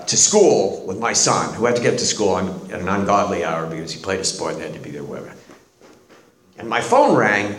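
A middle-aged man, a guest on the show, telling a personal story in a halting way, with many restarts and quiet pauses. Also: lowish voice. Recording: roomy echo.

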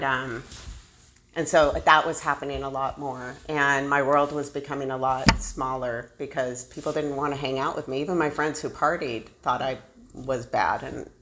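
A woman's voice: rumbling low, steady tone, normal speed, a bit bright, a little hiss or hum. A woman candidly telling her own recovery story, self-deprecating and laughing often. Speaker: speaker sharing a recovery story. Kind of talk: personal storytelling.

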